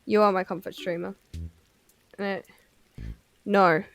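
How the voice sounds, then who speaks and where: A woman streamer chatting casually on a livestream, excitable and giggly, swearing freely. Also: medium pitch, a little slow, soft background music.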